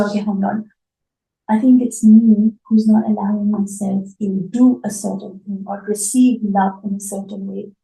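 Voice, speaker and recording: A woman giving a reflective spiritual talk, emotional and tearful, her voice soft and at times dropping to near whispers. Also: mid-range voice, vocal fry, reverberant, rough recording. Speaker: spiritual art therapy host.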